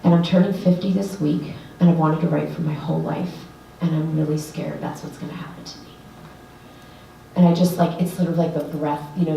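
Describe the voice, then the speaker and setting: A woman writing coach telling an earnest, animated story to an audience, with lots of fillers. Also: fairly low pitch, slight background noise. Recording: echoey room, voice from a distance.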